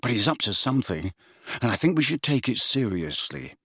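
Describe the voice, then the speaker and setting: A man's voice: mid-range voice, very animated, brisk, fairly bright tone, slightly rough, no room sound, studio quality. A man voicing a stubborn teenage boy insisting on his suspicions. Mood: insistent.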